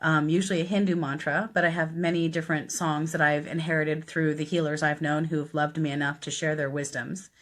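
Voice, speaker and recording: On a live stream, a woman who is a death doula recounts a personal story in an earnest, chatty way full of fillers. Her low voice is flat and brisk, with few pauses.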